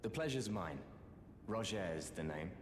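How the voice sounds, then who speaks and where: An actor playing a courteous, friendly wandering sorcerer in a video game, speaking in a polite, measured, gently wry way. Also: male voice, on the low side, expressive, noisy background, close to an everyday voice. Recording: echoey game audio with long reverb and music behind.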